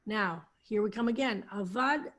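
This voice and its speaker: A woman's voice: medium pitch, normal speed, fairly bright tone. A woman rabbi teaching a psalm study over a video call, patiently explaining Hebrew words. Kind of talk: online Hebrew text lesson.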